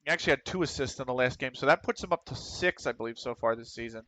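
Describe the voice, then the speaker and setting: A man with a Philadelphia accent giving casual commentary while streaming a game, talking quickly and running his words together, often clearing his throat. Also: mid-range voice, sharp tone, no room sound. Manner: fast, runs words together.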